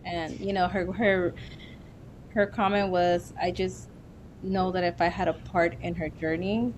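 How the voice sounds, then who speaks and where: A woman's voice: fairly low pitch, little pitch movement, a little slow, slight background noise. A middle-aged woman on a podcast, talkative and teasing, often chiming in over others. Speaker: guest, mother. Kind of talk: casual podcast chat.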